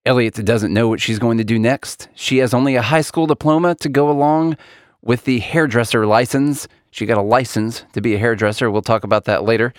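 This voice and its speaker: A man's voice: mid-range voice, clean tone, no room sound, studio quality. A man co-hosting a casual political podcast, laughing often and reading an article aloud to his co-hosts. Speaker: podcast co-host.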